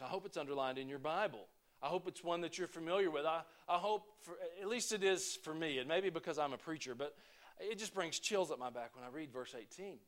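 A man preaching a sermon to his congregation, talking in a conversational way that swings between emphatic points and quiet asides. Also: a little high. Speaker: pastor.

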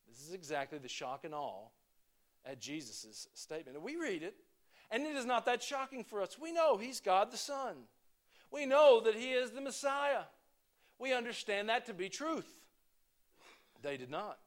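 Man, pastor, sermon, conversational, emphatic then quiet, slightly high voice. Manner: conversational preaching, swinging between emphatic and quiet asides.

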